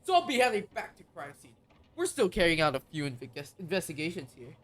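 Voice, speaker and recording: Woman reading as a blunt slangy police inspector, middle-aged man, loud and lively delivery. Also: on the low side, fairly quick. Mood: dismissive.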